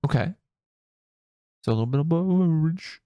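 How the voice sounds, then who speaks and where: Playful man with a lively voice. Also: a little high, smooth, no room sound, lo-fi sound. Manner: playful, teasing, quick to joke. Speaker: podcast co-host and online content creator. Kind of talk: casual chat.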